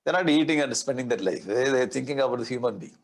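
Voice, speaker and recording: A man's voice: mid-range voice, expressive, fast, low-quality recording. A man with an Indian English accent giving a spiritual discourse as a swami, explaining scripture verse by verse, reciting Sanskrit lines and adding playful asides. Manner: explains verse by verse, repeating key words.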